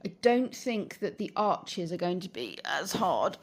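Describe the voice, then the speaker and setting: Speaking to camera at home and out in her garden, this British vlogger chats loosely, yawning with tiredness and wandering a little with filler words. Her lowish voice has lively intonation at a moderate pace, with slight background noise.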